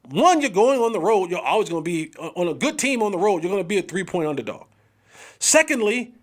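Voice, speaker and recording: Animated high-voiced male sports host. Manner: animated, emphatic, drawn-out exclamations; slangy, talks straight to viewers. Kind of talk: casual sports commentary.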